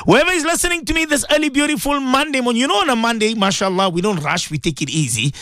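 Guy preaching on morning radio, high voice, really dry close studio mic, keeps repeating himself. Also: lively intonation, pushed and bright, no room sound. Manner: emphatic and repetitive, exhorting listeners; slows to drawn-out, chant-like prayers. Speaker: radio presenter and Muslim cleric.

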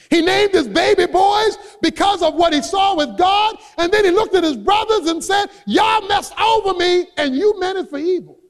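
A man preaching a sermon as a pastor, emphatic and building up to shouts. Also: extremely high pitch. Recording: long hall reverb.

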